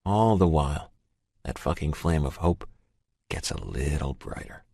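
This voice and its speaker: Deep-voiced male audiobook narrator. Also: big pitch swings, unhurried, creaky, warm tone, husky, no room sound, studio quality. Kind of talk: first-person romance audiobook narration.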